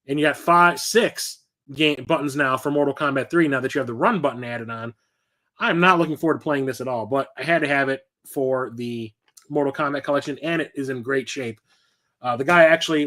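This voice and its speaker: Collector host, middle-aged man, slightly high voice, chatty, swears freely, animated anecdotes. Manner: chatty, profane, animated storytelling. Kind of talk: casual collection show-and-tell.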